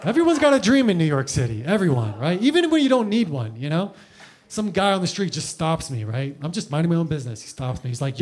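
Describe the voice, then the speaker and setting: Male stand-up, high voice, animated, slangy, stage mic. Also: fast talker. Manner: animated, slangy, lots of "like" and "bro". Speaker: stand-up comedian. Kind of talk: stand-up comedy. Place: live comedy club.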